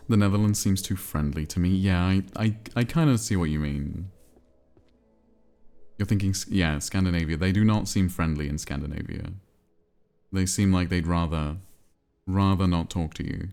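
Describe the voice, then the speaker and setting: A man talks casually to his stream chat and drifts from thought to thought. His voice sits very low and has a gravelly fry. Faint music plays behind him. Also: normal speed. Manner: relaxed, rambling, reads and answers chat. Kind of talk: casual chat while playing a cozy game.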